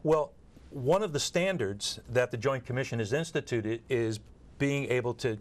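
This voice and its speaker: Here a man with a mid-range voice speaks at a normal speed. An expert guest on communication training for nurses, he explains earnestly by example and keeps repeating words as he restarts.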